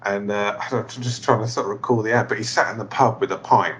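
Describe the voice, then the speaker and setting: A man's voice: fairly low pitch, fairly quick, breathy edge. A man co-hosting a comedy podcast, talking in a laid-back, hesitant way with trailing asides. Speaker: podcast co-host. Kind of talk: casual comedic chat.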